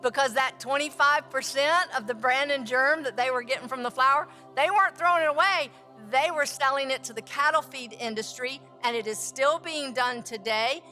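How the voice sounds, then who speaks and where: Bright, animated woman teaching about bread. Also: high-pitched, normal speed, few pauses, soft background music. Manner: animated, acts out quotes, asks rhetorical questions. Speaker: food scientist and bread teacher. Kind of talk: teaching talk with storytelling.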